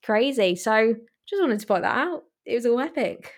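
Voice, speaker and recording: A woman's voice: on the high side, big pitch swings, moderate pace. Chatty woman with blunt opinions. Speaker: podcast co-host. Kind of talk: casual chat.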